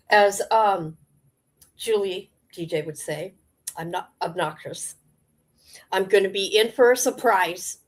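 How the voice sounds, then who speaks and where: A woman's voice: mid-range voice, fairly bright tone. A woman streamer delivering a confrontational, rambling rant to her viewers, full of fillers and repeated challenges. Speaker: live streamer. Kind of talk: ranting live stream monologue.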